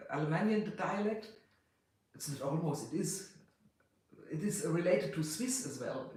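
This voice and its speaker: A German man from Hanover with a German accent, chatting casually on a livestream, halting and laughing often. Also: sits high. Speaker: livestream host. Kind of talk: casual chat. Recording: very echoey room.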